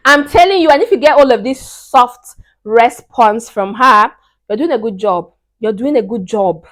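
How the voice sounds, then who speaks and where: A young woman giving casual dating advice to camera, emphatic, repeating her key points and swinging between hushed and loud. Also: a little high, lively intonation, normal speed.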